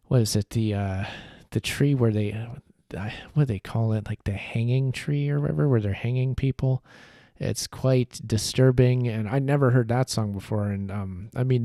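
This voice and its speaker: Guy rambling on his livestream, lots of ums, mellow voice, dry sound. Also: mid-range voice, no room sound. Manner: rambling, relaxed, many fillers. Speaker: podcast host. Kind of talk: casual livestream chat.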